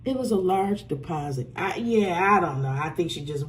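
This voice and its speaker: A woman giving a casual, profane tarot reading, swinging between loud outbursts and low muttering. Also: animated, normal speed, hardly any pauses, background noise. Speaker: tarot reader.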